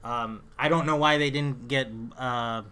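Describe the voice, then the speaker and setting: Rambling man with a bright voice. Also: medium pitch, fairly even intonation, unhurried, clear, resonant tone. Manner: rambling, hesitant, lots of fillers. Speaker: podcast co-host. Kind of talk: casual comedy podcast banter.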